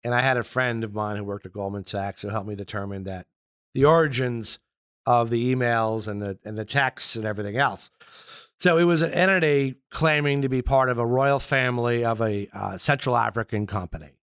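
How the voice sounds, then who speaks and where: Halting yacht broker, dry close sound. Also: male voice, mid-range voice, a bit bright, clear, resonant tone, no room sound. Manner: halting, restarts, fillers. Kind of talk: casual conversation.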